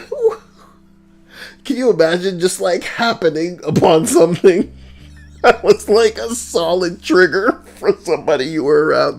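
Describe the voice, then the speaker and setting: A man's voice: a little high, a little mellow. Male streamer chatting casually; joking, rambling, swoops up and down.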